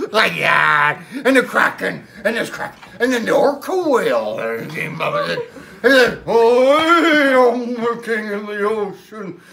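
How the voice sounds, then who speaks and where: A woman's voice: fairly high pitch, expressive, measured pace, a bit bright, full character voice. A woman voicing a boastful old male pirate captain who spins a rambling, theatrical yarn in a comedy sketch. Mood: excited. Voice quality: gravelly.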